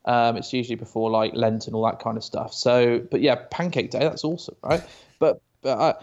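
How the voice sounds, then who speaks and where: A man's voice: medium pitch, steady tone, brisk, darkish tone, lo-fi sound. A British man chatting as an interview guest, often stammering and restarting, telling stories. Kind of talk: casual interview chat.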